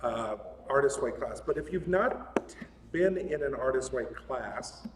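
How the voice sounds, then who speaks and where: A guest speaker at a spiritual center gives a casual, joking sermon in its large hall, chatty and often laughing. His voice is medium-pitched with lively intonation and a slightly slow pace. The recording is echoey, with a distant mic and faint room noise.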